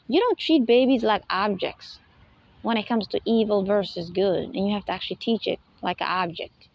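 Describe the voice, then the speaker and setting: A woman's voice: medium pitch, moderate pace, highs cut off. A woman giving an unscripted spiritual lecture, emphatic and full of rhetorical questions, often laughing between points. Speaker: spiritual talk host.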